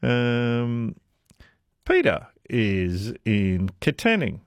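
A man hosts talkback radio, musing aloud with strings of questions. His voice rides up and down with lively pitch. It sits close and dry on the studio mic. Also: moderate pace, no echo. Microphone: studio microphone.

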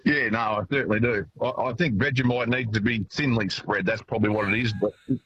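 An Australian man calling a radio show from his car, friendly and halting, with lots of fillers. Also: fairly low pitch, steady tone, fairly bright tone. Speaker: caller. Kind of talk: phone-in call to radio. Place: driving in a car. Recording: dull phone line with faint noise.

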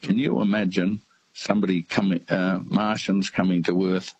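Older aussie bloke calling in, really low husky voice, lots of uh and um. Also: male voice, level tone, a little mellow, dry recording, dull audio. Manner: hesitant, halting, lots of uh fillers. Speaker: radio caller. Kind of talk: casual chat.

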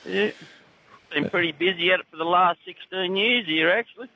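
A man's voice: high-pitched, normal speed, pushed and bright, no room sound, low-quality recording. A man with a broad rural Australian accent calling in from his tractor, chatting in a laconic, drawling way. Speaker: caller. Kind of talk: casual phone chat. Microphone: phone.

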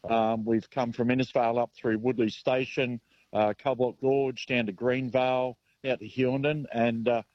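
A man's voice: medium pitch, little pitch movement, normal speed, no room sound, highs cut off. A man with an Australian accent calling in to a radio show, speaking hesitantly with many fillers. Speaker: caller reporting from a charity car rally. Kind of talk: casual phone-in chat.

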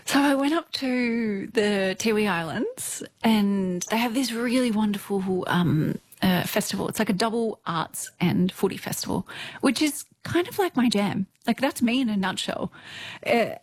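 A woman's voice: a little high, no echo. A woman with an Australian accent, telling stories casually as an interview guest, chatty and full of fillers. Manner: chatty, laughs often, many fillers. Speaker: radio newsreader, guest.

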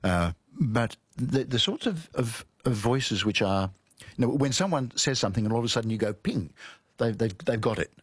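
A man hosting a radio show on language, talking in a thoughtful, measured way with frequent restarts. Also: medium pitch, husky, no room sound. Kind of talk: radio studio conversation.

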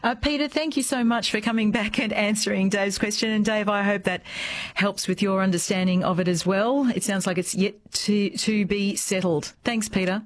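A woman's voice: medium pitch, steady tone, moderate pace. A woman with an Australian accent hosting a live radio talk show, interviewing guests conversationally with brief affirmations. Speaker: radio host.

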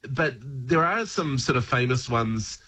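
A man with a husky voice, chatting casually as a radio guest about language, rambling and hesitant with frequent chuckles. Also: medium pitch, expressive, unhurried, bright, forceful tone.

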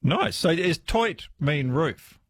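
A man hosting a phone-in radio show, chatty and quick to laugh. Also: mid-range voice, breathy edge, no room sound, studio quality. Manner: lively, chatty, laughs easily. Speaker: radio talkback host. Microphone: studio microphone.

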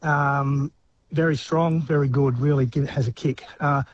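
A man's voice: mid-range voice, steady tone, a little slow, lo-fi sound. An Australian man calling in to a radio show, talking hesitantly with frequent restarts. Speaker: caller. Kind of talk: casual phone chat.

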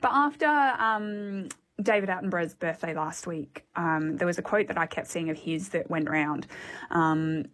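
A woman's voice: on the low side, normal speed, a bit bright. A woman on radio, chatting with giggles and giving a weather report. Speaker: weather presenter.

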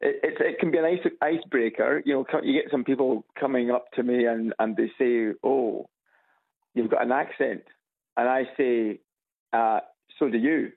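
A Scottish man on a phone call to a radio program, telling anecdotes with plenty of stops and restarts. His voice has a gravelly, husky edge. The call comes through a narrow, phone-like line. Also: mid-range voice, normal speed. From Scotland. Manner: chatty, tells anecdotes with hesitant restarts. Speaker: caller. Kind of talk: casual radio call-in chat.

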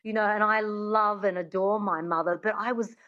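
A woman dialect coach from Australia, explaining how to learn an accent and modelling sounds slowly. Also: medium pitch, fairly even intonation, a bit bright, highs cut off. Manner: demonstrative, slows down to model sounds. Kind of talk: teaching an accent in an interview.

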